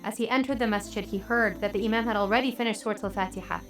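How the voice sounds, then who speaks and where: A woman religious teacher telling a story in a sermon, earnest and measured, with dramatic pauses. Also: medium pitch, steady tone, faint music behind.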